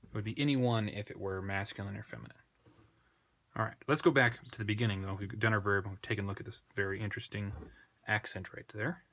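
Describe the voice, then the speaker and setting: Slow, low-voiced man thinking aloud. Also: steady tone, a bit bright. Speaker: Greek tutor. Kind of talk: unscripted screen lesson.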